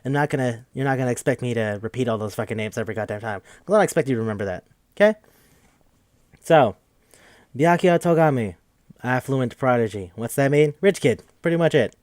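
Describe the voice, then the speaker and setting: A man's voice: mid-range voice, expressive, a little fast, a little mellow, no echo, clean studio sound. A man hosting a podcast, recapping a game in a rambling, joking, profane casual chat. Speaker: podcast host.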